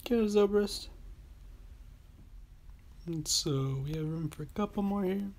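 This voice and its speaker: A man's voice: high-pitched, measured pace. A man hosting a mobile baseball game channel, casually commenting as he opens card packs. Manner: relaxed, talking to himself while opening packs. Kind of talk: casual pack-opening commentary.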